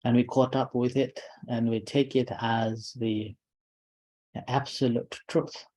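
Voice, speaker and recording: A man giving a calm dharma talk as a meditation teacher, in short, unhurried phrases with pauses between them. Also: medium pitch, poor audio.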